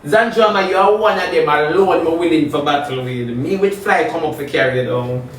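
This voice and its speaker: A Jamaican man delivers a combative, taunting rant and circles back to the same jabs over and over. His voice sits high for a man. The sound is roomy and distant, as if he stands well away from the mic. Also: brisk, a little hiss or hum. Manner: combative, taunting, repeats phrases. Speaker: social media personality. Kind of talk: heated live rant.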